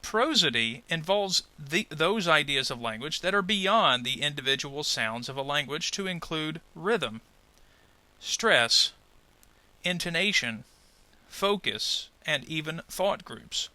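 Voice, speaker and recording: Lively, bright-voiced male pronunciation teacher. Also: fairly high pitch, no room sound. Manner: clear, deliberate, over-articulates example words. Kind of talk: scripted lesson voice-over.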